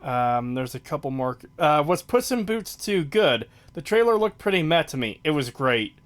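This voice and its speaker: A man's voice: on the high side, very animated, moderate pace. A man co-hosting a podcast in casual chat, blunt and offhand, swearing freely. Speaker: podcast co-host.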